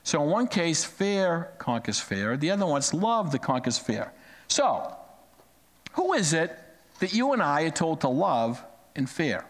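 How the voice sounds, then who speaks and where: A man preaching a sermon, telling stories to his congregation with lively swings of voice. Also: on the high side, measured pace, in a large hall. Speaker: pastor.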